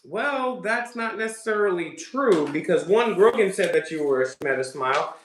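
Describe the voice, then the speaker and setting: Sarcastic high-voiced man in an echoey room. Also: animated, normal speed, slight background noise. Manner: sarcastic, mocking. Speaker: commentary host. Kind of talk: reaction commentary.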